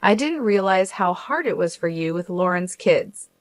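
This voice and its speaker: A woman's voice: lowish voice, lively intonation, moderate pace, no room sound, close to an everyday voice. A woman narrator voicing a desperate ex-husband who pleads to be taken back. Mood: pleading.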